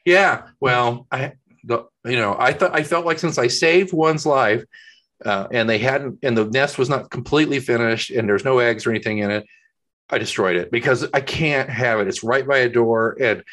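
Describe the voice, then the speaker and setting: A man with a bright, forceful voice co-hosts a relaxed podcast from his home office. He tells stories in an animated way and slips into quick voices for the characters in them. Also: medium pitch. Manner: animated storyteller, acts out voices in his anecdotes. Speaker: podcast co-host. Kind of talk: casual chat.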